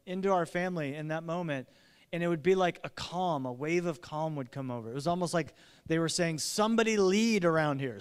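A middle-aged man, a pastor, preaching a sermon in an earnest, urgent way with lively asides. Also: a little high, smooth. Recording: long reverb of a large hall.

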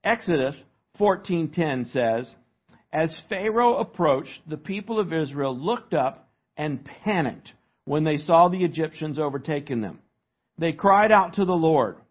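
A pastor, a man, preaches an emphatic sermon in a fairly high, husky voice that swings widely in pitch. He teaches from an outline and keeps asking his listeners to fill in the blanks. The recording is dull and lo-fi. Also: animated, measured pace.

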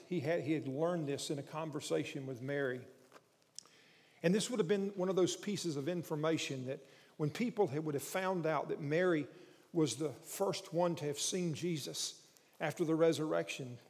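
A high-voiced male preacher delivers a sermon, dropping to hushed storytelling and rising to loud, emphatic preaching. His voice rings out in a large hall with a long reverb.

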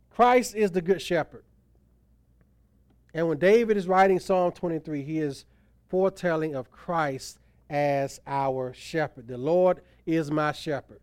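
A man's voice: a little high, measured pace, darkish tone, clear, resonant tone, no echo. Emphatic man preaching a sermon. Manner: emphatic preaching, voice rising and falling for stress. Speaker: pastor.

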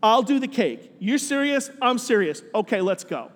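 A man voicing an excited diner cook who speaks loudly and repeats himself. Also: very high voice, moderate pace, in a large hall. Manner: loud and eager, repeating words. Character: excited middle-aged male diner cook.

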